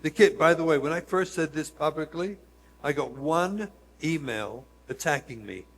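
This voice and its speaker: Earnest rabbi in a reverberant hall. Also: male voice, a little high, normal speed, a little hiss or hum. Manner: earnest, addresses listeners directly. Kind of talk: storytelling lecture.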